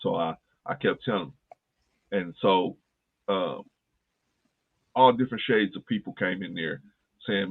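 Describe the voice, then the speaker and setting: Man, podcast host, casual storytelling, repeats himself for emphasis, rough breathy voice, low. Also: unhurried, long pauses. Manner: earnest, repeats phrases for emphasis. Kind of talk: casual chat, personal storytelling. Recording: tinny phone-like line.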